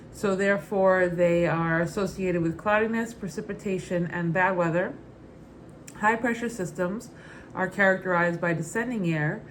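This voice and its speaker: A woman who flies as a private pilot reads her study notes aloud in an easy, casual way. Her voice is mid-pitched and matter-of-fact, with an upbeat lift. Faint noise runs behind her.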